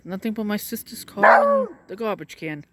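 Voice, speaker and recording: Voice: mid-range voice, wildly swooping pitch, moderate pace, fairly bright tone, a little hiss or hum. A vlogger outdoors filming with a phone, narrating casually and cooing to pets and birds. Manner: coos and chats to pets and birds. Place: outdoors in a yard. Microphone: phone camera.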